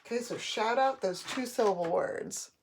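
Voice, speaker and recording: A woman teaching a phonics lesson to young students, sounding out letters and words slowly and clearly as she writes on a board. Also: medium pitch, noisy background.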